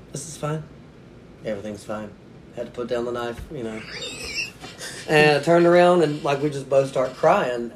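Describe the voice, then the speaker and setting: A man in casual podcast chat, telling a long story about himself with a self-mocking streak and frequent laughter. His voice sits at a medium pitch, with a faint low rumble behind it. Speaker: podcast guest, author.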